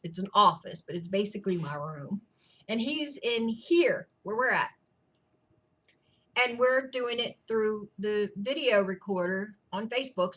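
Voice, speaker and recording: A woman's voice: fairly high pitch, a bit bright. A woman co-author in a casual Q&A chat, telling stories in a chatty, amused way. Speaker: co-author answering reader questions.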